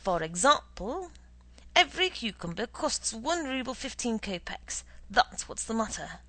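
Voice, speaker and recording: A woman's voice: fairly high pitch, big pitch swings, measured pace, a bit bright, voice pushed up, exaggerated voice, poor audio. A woman reading the part of a stingy, stern middle-aged husband who lectures in a dry voice. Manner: dry, lecturing, penny-pinching.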